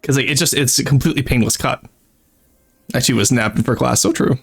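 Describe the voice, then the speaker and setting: Here a young man's mid-range voice comes quick, slightly rough, and edged with vocal fry. He's streaming a strategy game, rambling casually, laughing frequently, and addressing his chat.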